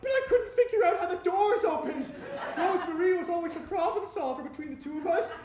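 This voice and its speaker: An actor playing a sad, needy, self-pitying husband in a live comic stage monologue, grumbling and then bursting into shrill yelling. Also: male voice, fairly quick. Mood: glum. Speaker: stage comedy performer. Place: theatre stage with a live audience. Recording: echoey live stage recording with crowd and music.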